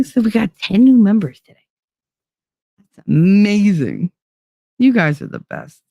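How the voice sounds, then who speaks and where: A woman hosting a livestream, chatting casually with viewers, profane and animated, laughing often. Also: mid-range voice, unhurried, dry recording, clean studio sound. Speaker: livestream host. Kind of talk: casual livestream chat reading viewer messages.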